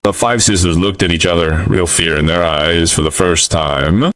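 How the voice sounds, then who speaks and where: A man narrating a western story in a measured way, with occasional fillers, on a close mic. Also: low voice, fairly even intonation, a bit bright, no echo, recorded from a distance.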